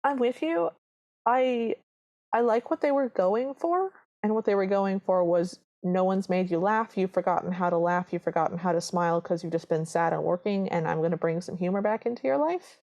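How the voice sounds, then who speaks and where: A woman's voice: medium pitch, moderate pace, lo-fi sound. A woman co-hosting a podcast, chatting casually as she retells scenes and acts out the characters' lines. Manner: animated storyteller, acts out quoted lines. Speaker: podcast co-host. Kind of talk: casual chat recapping a film.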